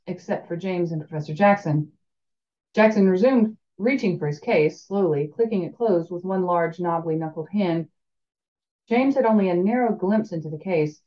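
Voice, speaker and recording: A woman's voice: on the low side, dark tone, muffled recording. A woman reading a fantasy novel aloud, chatting and laughing in the breaks between passages. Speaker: reader of a fan audiobook.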